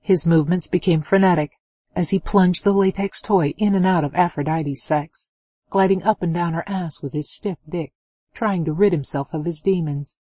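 A woman narrating an adult romance novel in a steady, expressive reading on a close mic. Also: fairly low pitch, normal speed, husky, no echo. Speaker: audiobook narrator.

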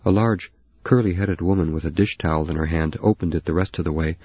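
A deep, husky man narrates a novel at a steady, even pace. The sound is very dry and slightly dull. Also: fairly quick, dry recording. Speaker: audiobook narrator. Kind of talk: scripted narration.

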